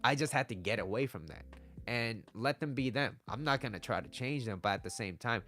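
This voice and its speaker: A man talking straight to his viewers about dating and relationships, loose and blunt and not shy about cursing. His voice sits at an ordinary middle pitch, and he keeps tagging his points with "right?" while faint music plays underneath. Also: lively intonation, a little fast, a bit bright. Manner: blunt and conversational, swears, keeps asking "right?". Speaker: dating and relationship advice vlogger. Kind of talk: casual motivational talk to camera.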